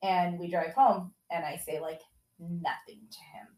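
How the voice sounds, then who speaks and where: A woman's voice: fairly low pitch, fairly even intonation, measured pace, darkish tone. Candid mother in an echoey room. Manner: candid, emotional, many "like" fillers. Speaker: mother telling a family story. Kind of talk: casual storytelling.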